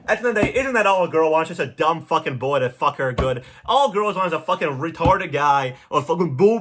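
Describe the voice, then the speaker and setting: A young man hosting a podcast, delivering a crude, rambling comedic monologue with sudden loud jumps. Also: fairly high pitch, animated, fairly quick, hardly any pauses, slight background noise. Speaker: podcast host.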